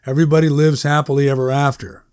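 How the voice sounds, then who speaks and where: A man's voice: fairly high pitch, level tone, quick pace, a little mellow, clean tone, dry recording, studio quality, natural voice. A man reading a wry, breezy guy.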